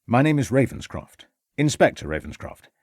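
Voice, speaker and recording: A man's voice: mid-range voice, big pitch swings, moderate pace, a little mellow, no room sound, studio quality, pitched above the performer's own voice. Man voicing a firm, assertive police inspector. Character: determined male police inspector, firm and patient.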